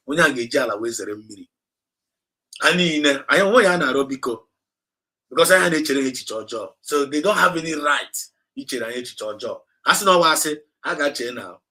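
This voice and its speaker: Man, Nigerian accent, livestream host, impassioned, repetitive, bright forceful voice. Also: medium pitch, rough recording. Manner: urgent, repetitive, exhorting listeners; mixes Igbo and English mid-sentence.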